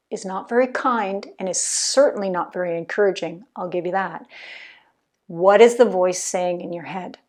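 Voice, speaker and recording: Woman podcast host, earnest coaching delivery, addresses the listener directly. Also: mid-range voice. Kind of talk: motivational podcast talk.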